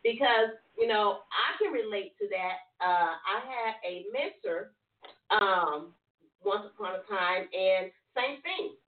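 A woman's voice: medium pitch, slow pace. A woman hosting, reflecting earnestly on life lessons in a preachy, slangy way. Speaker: host. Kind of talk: reflective motivational talk. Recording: distant echoey phone line.

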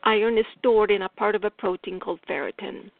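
A woman's voice: mid-range voice, a little fast, creaky, no echo. A woman with an Italian accent, reading technical health notes aloud in an informal explanatory talk with fillers and restarts. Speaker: caregiver and health blogger. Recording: dry tinny phone-like audio.

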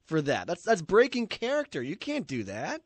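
A man hosting a casual sports radio talk show, brisk and joking with his guest. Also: high-pitched, huge pitch swings, slightly rough, no echo. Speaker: radio host.

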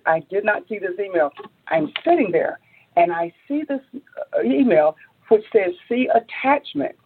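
Very husky woman telling a story. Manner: acts out quotes, climbs high when excited, many restarts. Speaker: entrepreneur guest. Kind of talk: animated storytelling in an interview. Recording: phone-like narrow audio.

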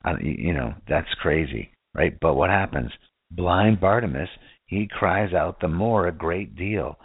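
Male preacher, low register, informal and questioning delivery; dry, lo-fi phone-quality audio. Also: expressive, measured pace, slightly rough, dry recording. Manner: casual, keeps asking "right?" and rhetorical questions. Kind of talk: sermon. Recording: tinny phone-like dry sound.

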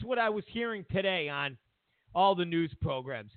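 A man's voice: high voice, expressive, normal speed, no echo. A man hosting a talk show, ranting about politics with mocking sarcasm and acting out other people's voices. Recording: dry, phone-like lo-fi sound.

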